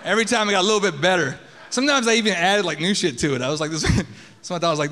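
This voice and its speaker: Profane, high-voiced man telling a story on stage. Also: lively intonation, quick pace, a bit bright, long reverb tail. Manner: casual, profane, conversational. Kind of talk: live personal storytelling on stage. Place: theater stage.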